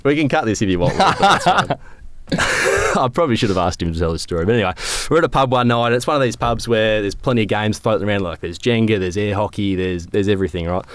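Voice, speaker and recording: A man's voice: fairly low pitch, very animated, quick pace, a bit bright, no room sound. A young Australian man, a club captain, telling stories with a laugh in a casual podcast chat. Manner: laid-back storyteller, laughs often. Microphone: podcast microphone.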